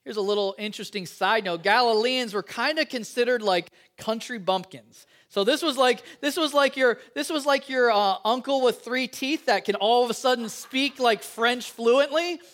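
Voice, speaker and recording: A man preaching a sermon, reading scripture and adding chatty, joking asides in an animated way. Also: very high-pitched, moderate pace, few pauses. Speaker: pastor.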